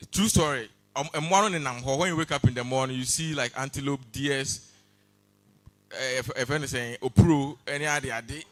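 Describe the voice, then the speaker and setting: A man doing stand-up, chatty storytelling broken by sudden loud exclamations. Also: mid-range voice. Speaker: stand-up comedian. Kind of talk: stand-up comedy set. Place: comedy awards stage before a live audience.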